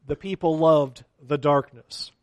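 A man's voice: a little high, a little slow, a little mellow, no echo. A man preaching a sermon as a pastor, acting out quotes of complaining people along the way.

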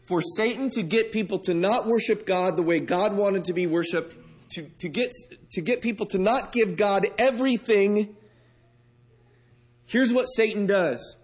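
Male preacher, high voice, conversational sermon delivery with questions to the congregation, loud and hushed by turns. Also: unhurried. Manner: conversational, asks the audience direct questions.

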